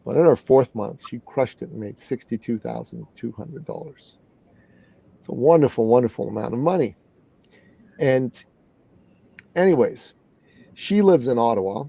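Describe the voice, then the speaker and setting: A middle-aged man from Canada telling a story in an interview as a guest business coach, earnest and animated. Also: mid-range voice, normal speed, creaky, long pauses, slightly rough, no echo.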